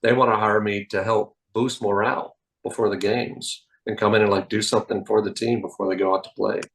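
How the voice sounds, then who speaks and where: A man, a magician guest telling animated anecdotes on a podcast. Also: lowish voice, a little fast, creaky, low-quality recording. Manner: animated anecdotes, acts out quoted voices. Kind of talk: casual interview storytelling. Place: podcast studio.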